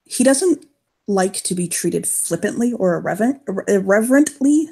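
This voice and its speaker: Halting, husky woman running a tabletop game. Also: mid-range voice, animated, warm tone. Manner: halting, searching for words, sighing. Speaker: game master.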